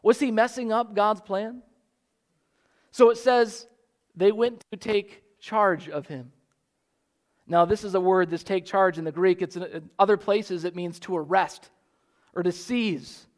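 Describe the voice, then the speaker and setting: A man's voice: high voice, unhurried. A middle-aged man preaching a sermon, telling stories and acting out the voices of the people he quotes. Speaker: pastor.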